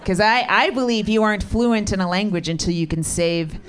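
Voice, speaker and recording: A woman's voice: mid-range voice, fairly quick, background noise. A middle-aged woman comedian performing a stand-up set with crowd work on a club stage, talking in a dry, profane, teasing way. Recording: live club set with audience laughter. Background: audience laughing.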